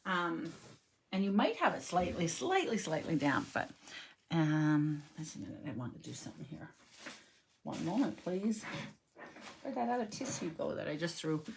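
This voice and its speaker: A woman's voice: sits low, animated, moderate pace, creaky, long pauses, slight background noise. A middle-aged woman giving a casual cardmaking lesson at her craft table, chatty and thinking aloud as she works, often correcting herself. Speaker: cardmaking instructor.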